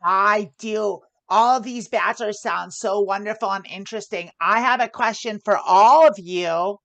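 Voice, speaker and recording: A woman's voice: medium pitch, measured pace. A woman playing a cheery bachelorette on a mock improv game show. Her voice is mid-range and playful. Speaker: bachelorette contestant.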